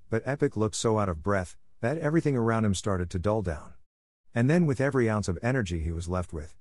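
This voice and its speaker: Low-voiced man narrating a story. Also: darkish tone, no echo, studio quality. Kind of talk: reading an action story aloud.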